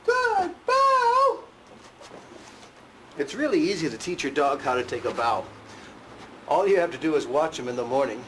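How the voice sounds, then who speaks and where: A man teaching dog tricks in a plain, explaining way, with bursts of high, cheerful praise for the dog. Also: expressive, fairly quick, background noise. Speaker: dog trainer. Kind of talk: instructional talk. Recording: music playing underneath.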